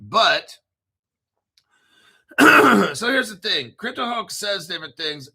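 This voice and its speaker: A man's voice: high-pitched, very animated, extremely slow, creaky, bright, forceful tone, slightly rough. A man in his fifties hosting a crypto video, ranting casually in a blunt, profane, combative way and repeating himself for emphasis.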